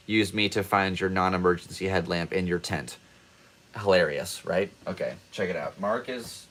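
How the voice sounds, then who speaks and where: A young man with a somewhat low voice hosts his podcast solo. He rambles through stories in an excitable, self-deprecating way, with a faint hum of background noise behind him. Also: poor audio. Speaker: podcast host.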